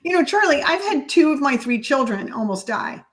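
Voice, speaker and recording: A woman's voice: high-pitched, sing-song, moderate pace, low-quality recording. A middle-aged woman speaking as a podcast guest in earnest, reflective casual conversation. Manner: earnest, reflective, spiritual in outlook.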